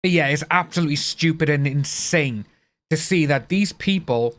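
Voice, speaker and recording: A man's voice: on the high side, moderate pace, a bit bright. A man chatting casually to his livestream viewers, blunt and ranting, swearing freely. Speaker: livestream host.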